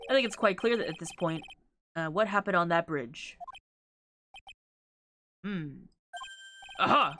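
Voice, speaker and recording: A woman's voice: mid-range voice, fairly bright tone. A woman streamer playing a courtroom game, reading the characters' lines aloud and breaking off into her own comments. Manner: reads every character line aloud, breaking off with laughs and asides.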